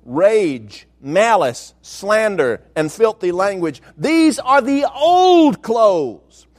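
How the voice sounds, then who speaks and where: A pastor preaching a sermon, with emphatic delivery and slowed, stressed phrases. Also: male voice, sits high.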